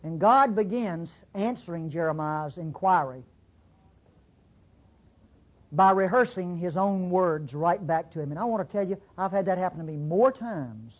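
Husky folksy Bible teacher. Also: animated, moderate pace, lo-fi sound. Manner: folksy, conversational, acts out quotes with big pitch jumps. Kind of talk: sermon-style Bible class teaching.

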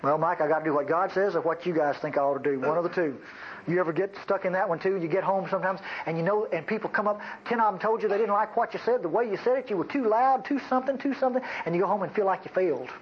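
A fast-talking man with a high-sitting voice delivers a folksy sermon, bantering with his congregation. The recording is dull and lo-fi, with faint noise.

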